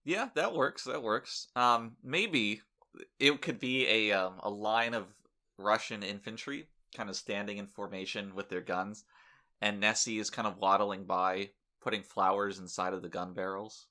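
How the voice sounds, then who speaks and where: A man's voice: fairly low pitch, a little slow. A man co-hosting a podcast, chatting casually with dry, joking delivery. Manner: deadpan joking, playful bits. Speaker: podcast co-host. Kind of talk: casual comedic chat.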